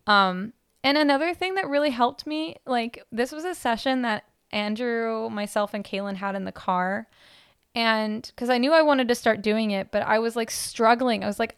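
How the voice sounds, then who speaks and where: A woman's voice: on the high side, clean tone, no echo, clean studio sound. A young adult woman co-hosting a podcast, talking in an earnest, chatty way with lots of fillers. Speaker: podcast co-host. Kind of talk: casual podcast chat.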